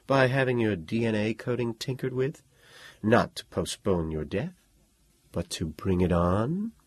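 A commanding woman of science in a story, speaking low, husky and soft with quiet authority, as a male narrator puts her on. Her voice is dry and breathy, with a lilting rise and fall. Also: animated, a little slow, no room sound. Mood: knowing.

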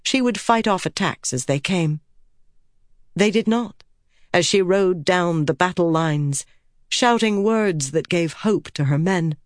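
Low-voiced woman narrating a story. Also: measured pace, dry recording, studio quality. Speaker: audiobook narrator. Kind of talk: scripted narration.

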